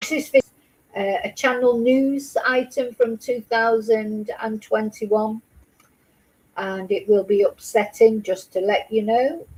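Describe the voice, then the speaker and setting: A woman's voice: fairly high pitch, steady tone, slow pace, darkish tone, husky, low-quality recording. A woman vlogging her reaction to a news clip, emotional and angry, swearing in outbursts. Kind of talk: casual commentary.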